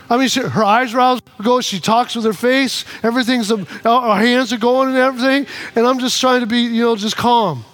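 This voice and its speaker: A man preaching a sermon to a congregation, animated and repetitive, acting out both sides of his stories. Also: very high-pitched, normal speed. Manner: animated, repeats phrases, acts out both sides of arguments. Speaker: pastor. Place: church in front of a congregation.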